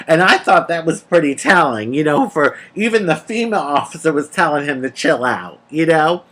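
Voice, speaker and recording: A woman telling a personal story in a casual, animated, sassy way, calling the listener honey and laughing between lines. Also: low-pitched, moderate pace, hardly any pauses. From United States. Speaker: vlogger.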